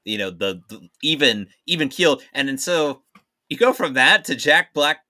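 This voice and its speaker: Animated bright-voiced male co-host. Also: a little high, normal speed. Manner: animated, playful, breaks into silly voices. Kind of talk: casual live-stream chat.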